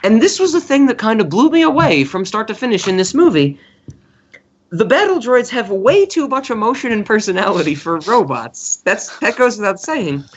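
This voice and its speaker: A man co-hosting a film podcast, excitable and swearing freely as he laughs through his review. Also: sits high, moderate pace, breathy edge, highs cut off. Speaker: podcast co-host. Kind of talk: casual film review chat.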